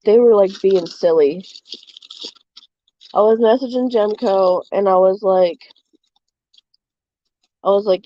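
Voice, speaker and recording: A woman's voice: medium pitch, takes it slowly, pauses often, dark tone, dry recording. Young woman, livestream chat from bed, slightly breathless rambling, dull dry recording. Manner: rambling with many fillers. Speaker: streamer. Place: bedroom.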